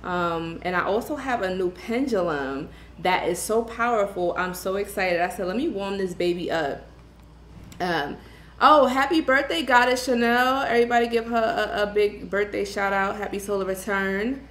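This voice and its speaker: A woman from Brooklyn, hosting a tarot livestream in casual chat and greeting viewers with slangy shout-outs. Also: mid-range voice, normal speed, a little hiss or hum. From Brooklyn, New York. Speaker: tarot reader livestream host. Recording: echoey room with faint ambience.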